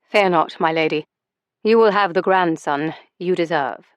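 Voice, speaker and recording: A woman's voice: lowish voice, a little slow, clear, resonant tone, no room sound, muffled recording, lightly acted. A woman voicing a charming young male gambler who poses as a long-lost heir, speaking in a gallant, teasing manner. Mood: earnest.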